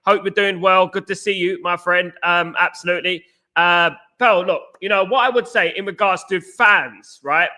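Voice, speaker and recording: Bright, high-pitched, animated man. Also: normal speed. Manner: animated, repetitive, addresses viewers as guys. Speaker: fan channel host. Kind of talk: casual football chat livestream.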